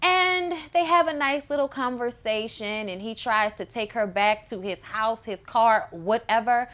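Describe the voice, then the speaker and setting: A woman's voice: a little high, measured pace, a bit bright. A woman reviewing a movie in a casual recap with sassy, wry asides.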